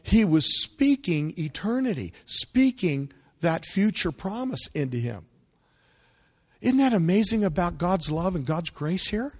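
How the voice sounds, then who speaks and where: A man preaching a sermon, his voice sitting a little high and moving with lively swings of pitch. He builds to loud, emphatic peaks and keeps asking his congregation questions. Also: unhurried. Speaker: pastor.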